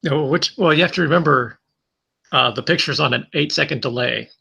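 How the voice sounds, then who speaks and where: A man's voice: fairly high pitch, a little fast, creaky, sharp tone, husky. A man co-hosting a casual livestream, chiming in with brief, laid-back remarks. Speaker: co-host.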